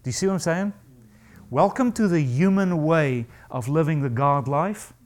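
A male pastor preaching a sermon to a congregation, emphatic and animated, acting out the voices he quotes. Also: a little high, normal speed.

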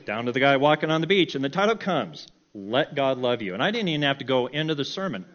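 A middle-aged man telling a personal story in a sermon, animated and self-mocking, often breaking into laughter. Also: medium pitch, fast, dull audio. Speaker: preacher.

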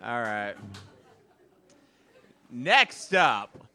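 A man hosting a live comedy debate show, reading out questions in a deliberate, dry manner. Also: mid-range voice, big pitch swings, bright, forceful tone, faint music behind. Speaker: host.

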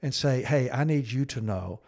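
A middle-aged man co-hosting a podcast, telling a counseling story in an earnest, halting way and acting out quoted speech in a low, hushed voice. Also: lively intonation, creaky. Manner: earnest, halting, with frequent restarts and fillers. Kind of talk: conversational storytelling.

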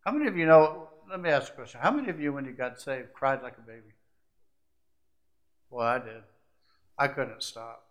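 A man preaching a sermon, shifting from hushed, confiding asides to rising, emphatic climaxes that stack short repeated phrases. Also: mid-range voice, animated, normal speed, pauses often. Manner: repetitive, building lists of short phrases.

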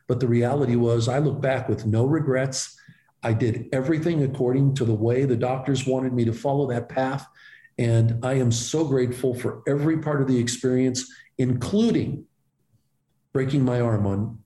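A man, a former baseball pitcher, telling animated, self-deprecating stories as an interview guest. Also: roomy sound. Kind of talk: storytelling in an interview.

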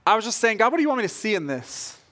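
High-voiced man preaching with animated storytelling. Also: very fast. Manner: storytelling, acts out quoted voices with rising energy. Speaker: pastor. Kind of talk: sermon.

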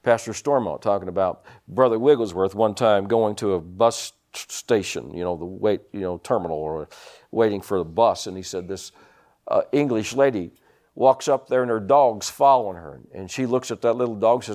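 A man's voice: on the low side, brisk. A man preaching a sermon, telling personal stories and punctuating them with amens and hallelujahs. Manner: animated storytelling with frequent amens and hallelujahs.

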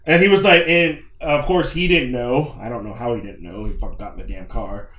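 A man's voice: mid-range voice, brisk. Young guy telling a story, swears a lot, acts out quotes, roomy echo. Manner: animated, profane, acts out quotes. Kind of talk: casual storytelling. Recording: echoey room.

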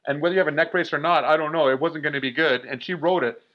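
A man in his forties telling a story in a casual, animated way, full of "like" fillers. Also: on the high side, fast talker. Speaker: guest. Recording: dull lo-fi recording.

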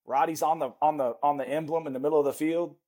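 Podcast guest, man in his forties, husky voice, rambling anecdotes, laughs at himself. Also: fairly high pitch, steady tone, fast, dark tone. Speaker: podcast guest, former NFL lineman. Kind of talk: casual storytelling in an interview.

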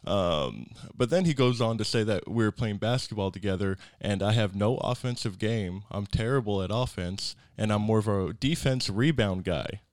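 A man's voice: fairly low pitch, normal speed, few pauses, no echo, studio quality. A man hosting a podcast, telling a rambling story in casual chat with lots of fillers.

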